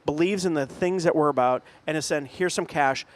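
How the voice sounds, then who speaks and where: A man co-hosting a podcast with a somewhat high voice. He retells stories with lots of laughter and plays out the people in them. His delivery stays loose and conversational. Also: brisk. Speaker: podcast co-host. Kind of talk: casual chat.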